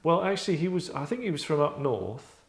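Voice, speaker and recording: A man's voice: on the high side, very animated, brisk, creaky. A man hosting a casual discussion, chatty and wry, slipping into voices as he talks. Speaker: host. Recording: roomy echo.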